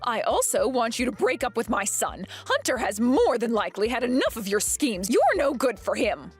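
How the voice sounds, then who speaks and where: A woman's voice: fairly high pitch, sing-song, normal speed, slightly rough, soft background music. A woman voicing a domineering middle-aged mother-in-law who accuses and bullies, in a dramatized text-message story. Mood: bullying. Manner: accusing and self-righteous.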